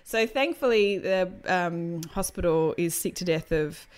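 A woman's voice: lowish voice, unhurried, clear, resonant tone. Blunt, sweary woman chatting. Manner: blunt, sweary, animated storyteller. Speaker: podcast co-host. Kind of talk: casual chat.

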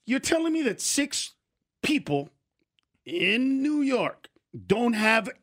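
A man from East Los Angeles in a casual comedic chat, animated and jokey. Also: extremely high pitch, slow. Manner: animated, jokey, slips into impressions.

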